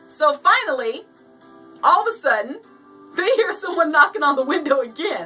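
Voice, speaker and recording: Animated high-voiced woman hosting. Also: moderate pace, distant mic, faint music behind, poor audio. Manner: animated, laughs often, acts out voices while reading. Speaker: host. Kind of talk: casual show talk and joke reading.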